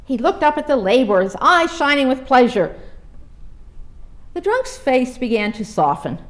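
Female preacher reading a story to her listeners; lively, expressive delivery. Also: high voice, moderate pace. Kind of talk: storytelling read aloud.

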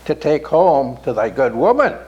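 A man voicing a shrewd male farmer who talks slowly in old-fashioned speech. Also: medium pitch, big pitch swings, darkish tone, highs cut off, voice pushed down, natural voice. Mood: deliberate.

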